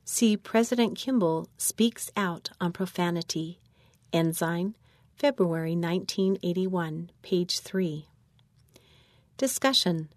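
A woman reading a children's church lesson manual aloud in a measured, instructional way. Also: lowish voice, darkish tone, no echo, clean studio sound.

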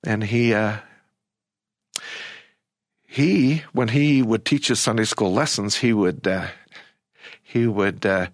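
An older man, an interview guest, telling a personal story in a halting, emotional way with many restarts. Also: on the low side, dry recording, studio quality.

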